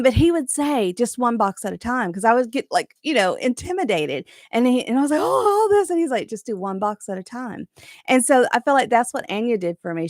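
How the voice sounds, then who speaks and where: Rambly encouraging lady chatting about crochet, kinda high voice, dead dry audio. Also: no room sound. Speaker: host of a live crochet chat. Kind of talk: casual live chat. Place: her crafting room at home.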